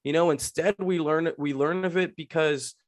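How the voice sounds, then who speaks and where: Animated, swearing man reviewing a movie. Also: a little high, moderate pace. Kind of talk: casual movie review chat.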